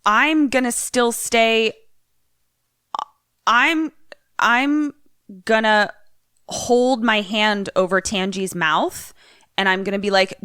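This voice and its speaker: A woman's voice: on the high side, slow pace, pauses often, pushed and bright, clear, resonant tone, dry recording, studio quality. A woman co-hosting a podcast, casual and playful, swearing freely as she answers quiz questions. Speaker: podcast co-host, quiz guesser. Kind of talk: casual chat.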